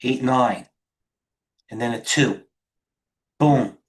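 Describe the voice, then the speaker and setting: A middle-aged man hosting a live trading stream, firing off quick stock calls and muttering to himself as he trades. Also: medium pitch. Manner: rapid-fire ticker calls, talks to himself. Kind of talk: live market commentary while trading.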